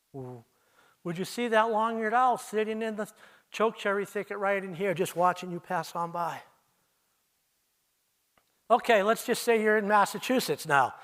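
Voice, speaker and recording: An older man with a fairly high voice gives a presentation in an auditorium. He speaks to the audience as "you," pulling them into little stories. Every so often he breaks into imitations of owl calls. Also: fairly bright tone. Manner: storytelling, addresses listeners as you, mimics owl calls. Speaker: owl researcher giving a festival talk. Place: arts center auditorium.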